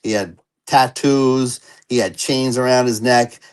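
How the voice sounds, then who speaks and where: A man who is an interview guest, telling his personal recovery story in an earnest and animated way. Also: mid-range voice, a little slow, clean tone, poor audio.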